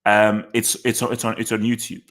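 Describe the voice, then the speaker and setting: A man's voice: on the low side, completely flat delivery, brisk, fairly bright tone. A man hosting a football channel, giving live reaction commentary in a casual way, repeating short phrases and restarting his sentences. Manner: thinks aloud and restarts sentences.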